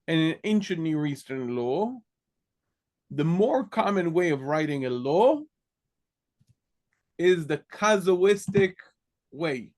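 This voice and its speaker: A man teaching a Bible class, explaining slowly and often pausing with "okay". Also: fairly high pitch. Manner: slow, explanatory, fills pauses with "okay". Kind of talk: online lecture.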